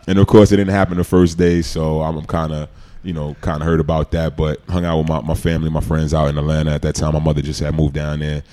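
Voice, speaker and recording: Deep-voiced New man telling stories. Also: quick pace. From New York. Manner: animated storyteller who acts out quoted lines. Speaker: guest, former pro football player. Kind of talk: casual podcast storytelling.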